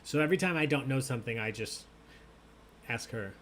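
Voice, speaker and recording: Slight background noise sits under this man's medium-pitched, slightly fast voice as he hosts a live online trivia night. He reads questions and jokes with players, keeping things upbeat and animated.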